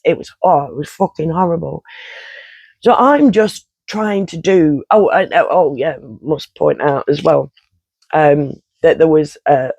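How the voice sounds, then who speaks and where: A man's voice: fairly high pitch, gravelly, a little mellow, slightly rough, dry recording, rough recording. A man, telling a rambling personal story in casual vlog style, swearing and interrupting himself often. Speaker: vlogger.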